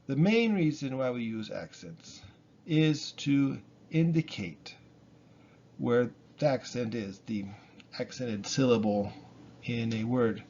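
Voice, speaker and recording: A man's voice: medium pitch, slow, muffled recording. A man teaching Spanish pronunciation in a casual spoken lesson, explaining patiently and repeating examples. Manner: relaxed, explains with fillers and repetition.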